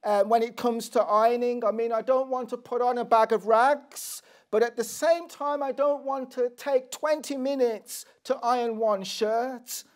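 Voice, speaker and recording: A man's voice: very high voice, steady tone, unhurried, hardly any pauses. A middle-aged man preaching a sermon, earnest and posing rhetorical questions to the congregation.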